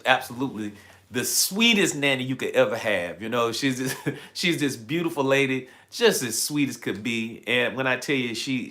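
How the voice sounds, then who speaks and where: A man hosting a livestream, telling a story to his chat in a casual, animated way and repeating phrases as he builds it. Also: mid-range voice. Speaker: livestream host.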